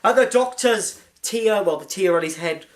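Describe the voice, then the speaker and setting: An excited fan reviewer recapping a TV episode, gushing and rambling, often restarting with "anyway". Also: medium pitch, moderate pace.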